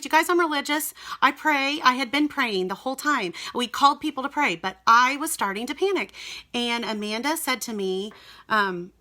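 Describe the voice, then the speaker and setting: A young woman recounts a personal testimony in a casual, earnest spoken style. She talks straight to her audience, and her voice is bright and clear. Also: a little high, normal speed. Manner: earnest, emotional, addresses viewers as "you guys". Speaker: mother sharing a personal testimony.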